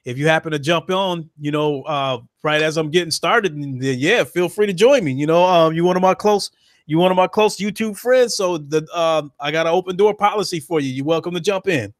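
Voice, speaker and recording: A man's voice: fairly high pitch, brisk, no room sound, clean studio sound. A man hosting a casual gaming podcast, rambling with frequent ums and hesitations. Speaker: podcast host, YouTuber.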